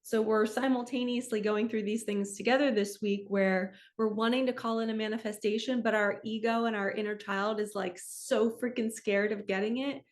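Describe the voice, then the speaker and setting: A woman giving a weekly spiritual energy reading as a coach, talking in an earnest, open way and laughing softly at herself now and then. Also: a little high, fairly even intonation, normal speed, hardly any pauses. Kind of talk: heartfelt spiritual talk.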